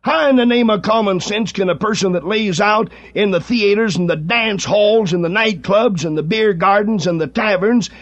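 A man's voice: high-pitched, normal speed, few pauses. A middle-aged man preaching a fiery radio sermon, full of rhetorical questions and rising fervor. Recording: dull lo-fi archival radio recording.

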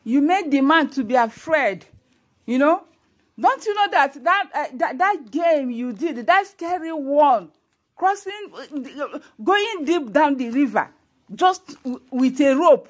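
Earnest Nigerian woman vlogger, slightly high voice. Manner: earnest, preachy, pleading, repeats "you know" and "eh?". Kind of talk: direct-to-camera commentary.

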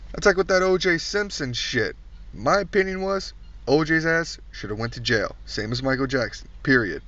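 A man's voice: a little high, expressive, moderate pace, pushed and bright. A man doing a profane comedic rant, blunt, crude and mocking. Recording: distant dull recording.

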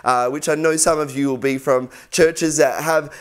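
A man's voice: a little high, fairly even intonation, moderate pace, clean tone. A young man teaching singing in an easygoing, encouraging way. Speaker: vocal coach. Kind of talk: instructional tutorial.

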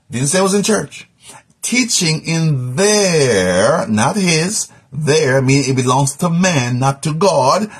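A man's voice: mid-range voice, slightly rough. A man teaching a live Bible study, emphatic, repeating key words and asking rhetorical questions.

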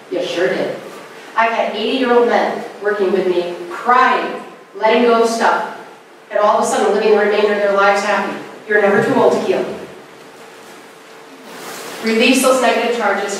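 A woman giving a spiritual lecture at a conference, animated and swooping up high on key words. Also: a little hiss or hum. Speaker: conference speaker. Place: lecture hall. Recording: echoey hall from far off.

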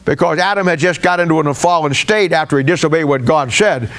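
A man's voice: a little high, a little fast, a bit bright. A man pastor preaching a sermon in a folksy, conversational way, with hesitations.

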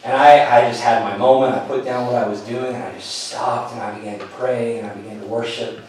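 A middle-aged pastor telling a personal story in a sermon, earnest and storytelling, often falling to a hushed voice. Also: male voice, mid-range voice, fairly even intonation, brisk. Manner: earnest storytelling, drops to a hushed voice at tender moments. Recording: echoey hall, mic at a distance.

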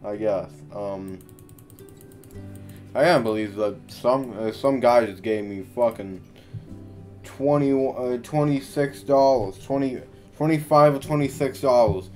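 Over soft background music, a gaming YouTuber with a medium-pitched, darkish voice speaks at a measured pace. His casual commentary is tired and complaining, peppered with swearing as he talks to himself.

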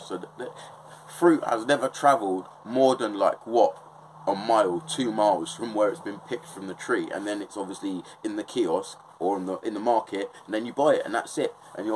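Young English bloke, slightly low voice, heated swearing rant, keeps checking you follow. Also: male voice, a little hiss or hum, low-quality recording. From England. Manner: impassioned, swears often, keeps asking "do you know what I mean". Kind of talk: casual ranting monologue.

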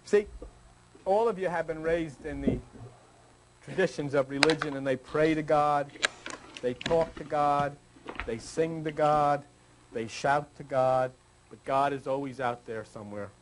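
In a poorly recorded clip with slight background noise, an older spiritual teacher playfully preaches to a small gathering and mimics how people pray. His voice runs on the high side, steady and unhurried.

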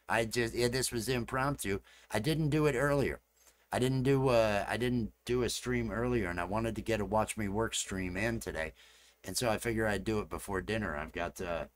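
A man's voice: on the low side, a bit bright, slight background noise. A man chatting casually with viewers during a live stream. He rambles and repeats his phrases as he works, and he.

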